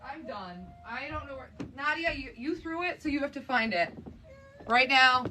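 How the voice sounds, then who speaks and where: A young woman filming on her phone at home, flustered and scolding as she tries to calm two crying little girls. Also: sits high, a little fast. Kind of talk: casual phone vlog. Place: home, indoors. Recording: noisy home recording.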